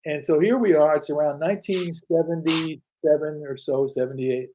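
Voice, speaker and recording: A man's voice: on the high side, fairly even intonation, moderate pace, dark tone, slight background noise, low-quality recording. An older man telling anecdotes as an interview guest, acting out quoted dialogue with frequent restarts. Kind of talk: casual storytelling interview.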